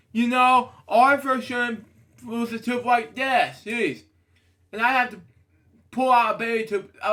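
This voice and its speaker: High, bright-voiced rambling man. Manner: rambling, digressive, with sudden excited outbursts. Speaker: reader of a children's book. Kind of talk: reading a picture book aloud with personal tangents.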